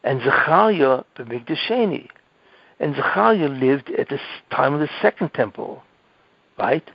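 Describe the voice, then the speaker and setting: A man's voice: medium pitch, measured pace, vocal fry, no echo. A male rabbi giving a Torah class, explaining step by step, asking rhetorical questions and checking in with his listeners. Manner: explanatory, checks in with "okay?" and "right?"; rhetorical questions, animated emphasis. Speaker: rabbi teaching a weekly class. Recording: dull, dry lo-fi audio recording.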